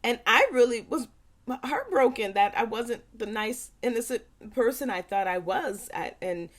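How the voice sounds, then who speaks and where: A woman parent educator speaking earnestly to parents, stressing points by repeating them and acting out quick quoted lines. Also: a little high, animated. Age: young adult. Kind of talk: talking to parents.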